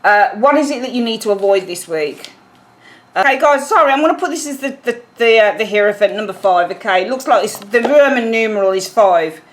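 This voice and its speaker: A woman's voice: a little high, expressive, brisk. A woman giving a casual tarot reading, chatty and apologetic, correcting herself as she goes. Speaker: tarot reader.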